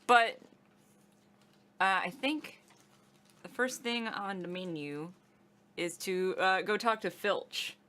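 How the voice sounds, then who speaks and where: امرأة مرحة تعلّق على لعبة بصوت ساطع. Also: female voice, mid-range voice, slow pace, pauses often, pushed and bright. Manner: playful, chatty, teasing. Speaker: let's play co-host. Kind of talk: casual game commentary.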